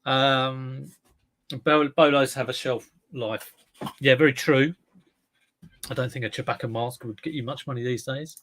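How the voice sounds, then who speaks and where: A man's voice: mid-range voice, steady tone, unhurried, pauses often, a bit bright. Man, livestream host, casual chat, rambling, self-correcting.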